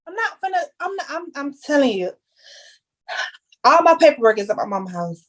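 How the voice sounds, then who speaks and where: A woman's voice: high voice, very animated, a little fast. A young woman talking candidly as a podcast guest, telling her story with heavy slang and emphasis. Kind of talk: casual chat.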